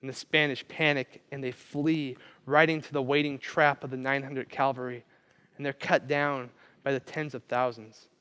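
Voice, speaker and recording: Animated pastor in a reverberant church. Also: male voice, mid-range voice, moderate pace, clean tone. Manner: animated storytelling, acting out quoted voices. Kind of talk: sermon.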